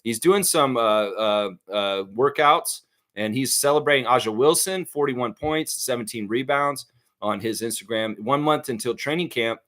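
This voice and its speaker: A man's voice: medium pitch, normal speed, a bit bright. A man hosting a live basketball fan stream, chatting casually as he reads viewer comments and laughs often. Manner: chatty, laughs often, sings snippets, many fillers. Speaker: sports livestream host.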